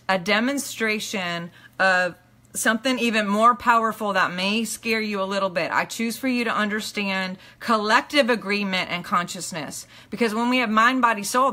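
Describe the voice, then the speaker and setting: A woman teaching a live online class in an earnest, emphatic way, often checking in with her listeners and letting phrases drop low and soft at the end. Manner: earnest, emphatic, repeats "okay?" to the audience. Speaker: teacher and minister. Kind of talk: live-streamed motivational teaching.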